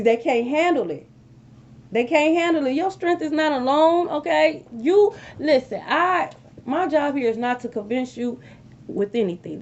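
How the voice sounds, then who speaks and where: High-voiced woman giving a tarot reading. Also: lo-fi sound. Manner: animated, repeats phrases, frequent "okay?" asides. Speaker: tarot reader. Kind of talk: casual tarot reading to viewers.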